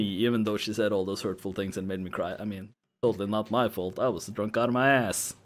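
A man streaming a game who jokes and swears loudly as he plays. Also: fairly low pitch, fairly quick. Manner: jokey, swears a lot, lively. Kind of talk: casual game commentary.

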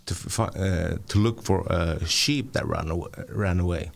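A man, the show's producer, chatting on the radio in a halting way, full of fillers and restarts, his voice affected by a cold. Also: sits low, creaky. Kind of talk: casual radio chat. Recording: radio studio.

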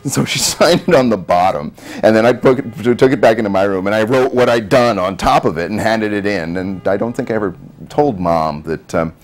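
A man's voice: fairly low pitch, a little fast. A middle-aged man in an interview, telling stories about his mother in a rambling, hesitant way. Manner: rambling, hesitant, with many ums. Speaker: son of an actress, interviewee. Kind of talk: casual storytelling interview.

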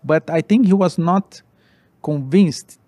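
A man in his forties recounts a race in animated but halting English, full of restarts. His voice sits a bit higher than most men's. He is a guest telling stories in an interview. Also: no echo. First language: Portuguese. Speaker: former racing driver, guest. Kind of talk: interview storytelling.

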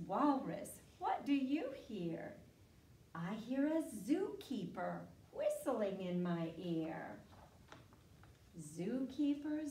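Very slow sing-song woman reader. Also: fairly high pitch, mellow, a little hiss or hum. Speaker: story time reader. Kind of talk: reading a picture book aloud. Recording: echoey room, mic far off.

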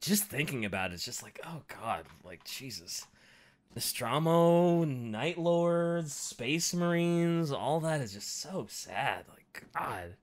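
A young man co-hosting a casual book discussion, animated and acting out characters' lines with big jumps in pitch. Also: takes it slowly. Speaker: podcast co-host.

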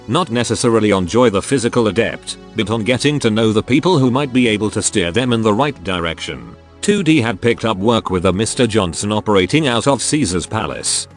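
A synthetic male text-to-speech narrator reads a tabletop game story in an even, scripted manner. His pitch is on the low side but moves up and down a great deal. Faint music plays behind him.

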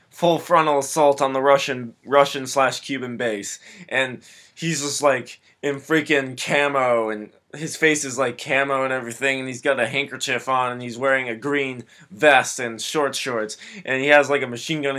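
A young man casually recapping an action movie, rambling with many fillers and growing excited as he goes. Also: medium pitch. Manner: rambling, filler-heavy, gets excited and laughs. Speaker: film reviewer.

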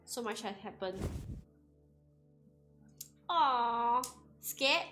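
A woman giving casual game commentary, excitable and giggly, speaking English with non-native grammar. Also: fairly high pitch, extremely slow. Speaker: gaming YouTuber. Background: faint game music.

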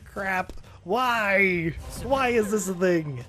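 A man recording let's play commentary as a gaming video host, excitable and exclaiming and laughing often. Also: high voice, very slow, a little hiss or hum.

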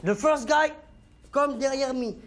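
An actor playing a boastful, jittery French prisoner who stammers in broken English mixed with French, with a French accent. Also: male voice, very high voice, a little slow, fairly bright tone. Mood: storytelling. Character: boastful French inmate, jittery and comically tough. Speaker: actor in film scene. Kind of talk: film comedy acting.

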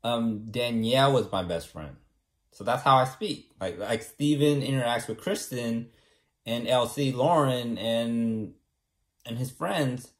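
This is a young male vlogger from California, talking casually to the camera at an unhurried pace in a medium-pitched voice. His style is rambling and confident, with frequent "right?" tags on his points.

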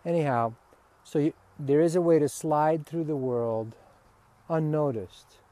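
A man, a spiritual teacher, giving a relaxed, candid talk and swearing freely. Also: fairly high pitch, unhurried, no room sound.

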